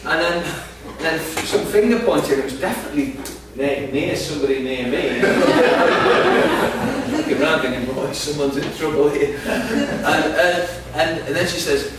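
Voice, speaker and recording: A man's voice: fairly high pitch, big pitch swings, unhurried. A man giving a sermon, telling a humorous, self-deprecating story to an audience in a large hall. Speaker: preacher. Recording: echoey hall, distant mic, background noise.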